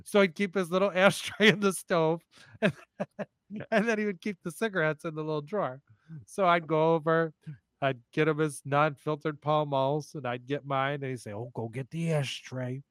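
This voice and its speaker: A man hosting a podcast, telling family stories in a casual, animated, profane way. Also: on the high side, normal speed, smooth, no echo. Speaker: podcast host. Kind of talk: casual storytelling.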